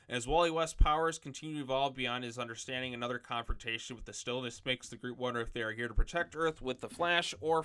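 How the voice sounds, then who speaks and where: A man hosting a casual video, reading comic solicitation blurbs aloud and commenting off the cuff in a relaxed way. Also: medium pitch, clear, resonant tone.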